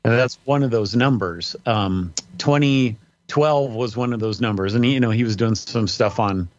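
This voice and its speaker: A man's voice: mid-range voice, normal speed, a little mellow, muffled recording. A man, a pastor and podcast guest, talking casually with lots of fillers and restarts over remote call audio. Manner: rambling, many fillers and restarts.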